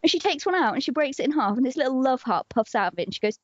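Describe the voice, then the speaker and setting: A woman's voice: sits high, racing, no room sound. A young woman co-hosting a podcast, chatting casually and acting out quotes from shows in silly voices. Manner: animated storyteller, acts out quotes in silly voices. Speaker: podcast co-host. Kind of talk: casual chat. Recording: dull lo-fi podcast audio.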